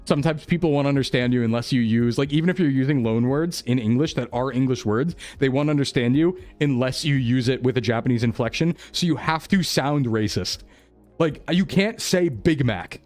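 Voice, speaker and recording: With faint music underneath, a young male VTuber plays a geography game and chats loosely with his audience, frequently joking and laughing. His voice is mid-range with a darkish tone.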